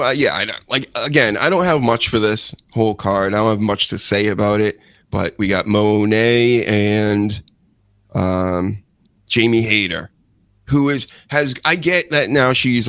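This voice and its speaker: A man's voice: lowish voice, fairly bright tone, dry recording. Jokey rambling man, dry close mic. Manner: rambling, jokey, laughs often. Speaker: podcast host. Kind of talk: casual wrestling chat.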